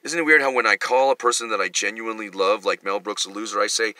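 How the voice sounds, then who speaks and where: A man's voice: lowish voice, steady tone, fast, pushed and bright, no echo. A middle-aged male comedian giving a rambling, profane, self-mocking monologue.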